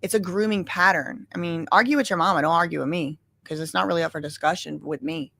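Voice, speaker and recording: A woman's voice: on the low side, fast talker, vocal fry, fairly bright tone. A woman casually commenting on a live trial, chatty and opinionated, often saying "like" and "y'all".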